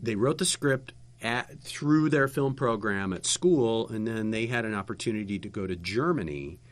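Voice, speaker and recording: A man telling long anecdotes in a casual chat, rambling and animated with lots of fillers and restarts. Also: fairly low pitch, normal speed. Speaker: guest telling stories, former local TV interviewer.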